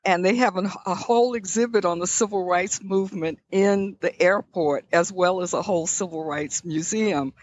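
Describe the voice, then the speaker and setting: A woman's voice: fairly low pitch, moderate pace, few pauses, dry recording, highs cut off. An older woman from Birmingham, Alabama, recalling her past as a guest in an interview, in a reflective storytelling manner. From Birmingham, Alabama, USA.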